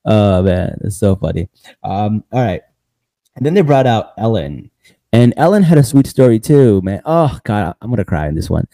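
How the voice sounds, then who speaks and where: A man's voice: fairly low pitch, very animated, moderate pace, dark tone, dry recording. A man hosting a podcast, recapping casually in a loose rambling way, laughing often and saying "bro" a lot. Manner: laughs often between lines. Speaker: podcast host.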